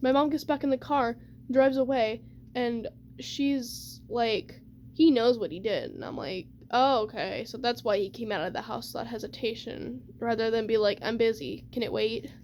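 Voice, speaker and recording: A young woman with a high, light voice tells a personal story in a loose, rambling way. Her talk is full of casual fillers, and faint background noise hums under her voice. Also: fairly even intonation, moderate pace, a little mellow. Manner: rambling, chatty, many fillers like "like" and "whatever". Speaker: vlogger.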